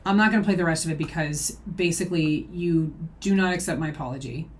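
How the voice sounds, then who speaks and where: A woman's voice: low voice, fast talker. A woman reacting to a video, defending herself point by point in casual commentary.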